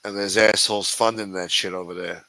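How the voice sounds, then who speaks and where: A man's voice: sits low, steady tone, brisk, bright, forceful tone, no room sound, rough recording. A man hosting a livestream, ranting with constant profanity in a sneering, contemptuous way. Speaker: livestream host.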